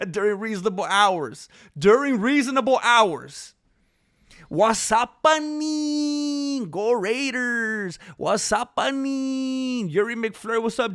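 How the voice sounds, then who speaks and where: Bright high-voiced man hosting a livestream. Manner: playful, joking, reads chat names aloud. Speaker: livestream host. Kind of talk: casual livestream chat.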